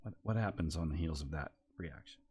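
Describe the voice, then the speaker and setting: A man's voice: a bass voice, a little fast, darkish tone, slight background noise. A man narrating a tabletop horror game as game master, building suspense and sometimes dropping to a whisper.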